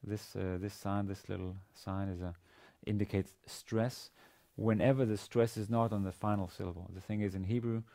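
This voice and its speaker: Halting low-voiced male lecturer. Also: steady tone, warm tone. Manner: halting, with many fillers and restarts. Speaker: university lecturer. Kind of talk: recorded language lesson.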